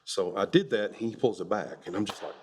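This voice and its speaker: Low-voiced middle-aged veteran man from Kentucky. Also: fairly quick, slight background noise. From Kentucky, USA. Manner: relaxed anecdotal storytelling with chuckles. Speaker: Marine veteran interviewee. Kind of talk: oral history interview.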